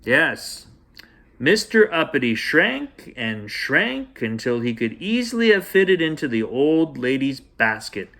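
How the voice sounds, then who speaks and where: A man hosting and reading a bedtime story aloud in a gentle, playful way for children. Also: medium pitch, very animated, takes it slowly. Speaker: storyteller host.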